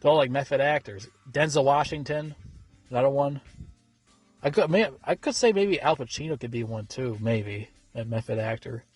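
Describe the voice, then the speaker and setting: A man reviewing a movie in a loose, rambling way, swearing often and stumbling through fillers and restarts. His voice sits at a middle pitch. It is recorded dry, with faint music underneath. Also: moderate pace, darkish tone, breathy edge, no room sound. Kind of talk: casual film review.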